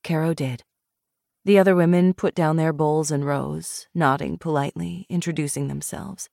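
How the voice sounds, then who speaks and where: A woman narrates a novel in measured, expressive scripted narration. Her voice sits low. The recording is dry and close on a studio mic. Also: gravelly, no echo. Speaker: audiobook narrator.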